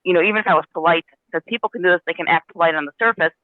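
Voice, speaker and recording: A man's voice: a little high, rapid-fire, dry recording. A man earnestly telling a personal story in a casual spiritual discussion, with many restarts. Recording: dry, tinny phone line.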